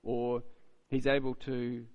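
A man's voice: medium pitch, monotone, slow, a little mellow, dull audio. A man preaching a sermon in a conversational way, often asking "isn't it?" and repeating words as he goes.

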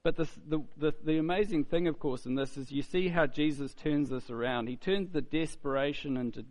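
A man's voice: fairly high pitch, a little fast, a little mellow. A man preaching a sermon in a conversational way, often asking "isn't it?" and repeating words as he goes.

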